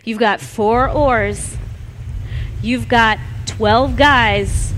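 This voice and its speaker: A woman preaching a sermon, telling the story in a lively way and acting out the voices of the people in it. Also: on the high side, drawn-out words, slight background noise. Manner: animated storytelling, acts out voices.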